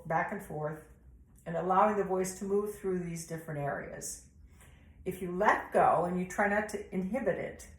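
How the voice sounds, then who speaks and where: A woman with an American accent leading a vocal warm-up lesson, explaining patiently and breaking into sung vowel demonstrations. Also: lowish voice, roomy sound, rough recording. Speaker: vocal coach.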